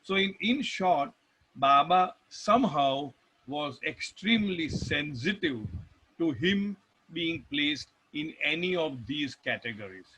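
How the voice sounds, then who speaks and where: A man's voice: on the high side, expressive, slow, sharp tone, slightly rough, rough recording. A man with an Indian English accent giving a rambling spiritual talk, telling stories with restarts and emphatic lists. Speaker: devotional speaker.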